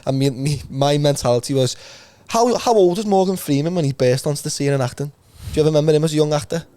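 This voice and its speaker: A man hosting a podcast in a quick, jokey, casual chat. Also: a little high, mellow, no echo. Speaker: podcast host.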